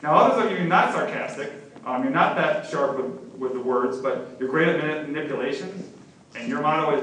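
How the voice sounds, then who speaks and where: A man's voice: on the high side, expressive, fairly quick, a bit bright, slight background noise. A middle-aged man as pastor, preaching a sermon in a conversational, humorous way. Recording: very echoey, from far off.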